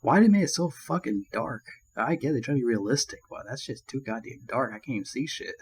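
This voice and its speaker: A man's voice: medium pitch, expressive, fast talker, breathy edge, low-quality recording. A man giving a casual movie review, rambling and ranting with constant swearing and crude jokes. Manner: crude, profanity-laden rambling; annoyed ranting.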